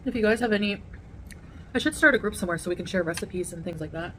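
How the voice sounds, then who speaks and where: A woman vlogger chatting casually to her viewers while eating a meal, rambling and pausing to chew. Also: medium pitch, a bit bright, slight background noise. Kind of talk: casual eating vlog chat.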